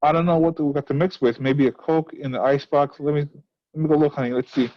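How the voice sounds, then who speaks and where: A man reads out a patient, caring younger sister in a plain, slightly high voice, slow and script-bound. The sound is dull and lo-fi. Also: steady tone, no echo, lightly acted. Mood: read aloud.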